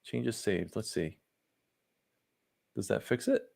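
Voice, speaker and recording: A man's voice: fairly low pitch, takes it slowly, gravelly. A man co-hosting a live stream, joking around in casual chat and running the broadcast. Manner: animated, joking, runs the stream. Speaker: podcast co-host.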